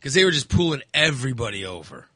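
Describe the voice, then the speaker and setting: A man's voice: mid-range voice, very animated, fast, sharp tone, breathy edge, no room sound, clean studio sound. A man casually telling a long story in a chat, acting out the voices of people he met and swearing freely.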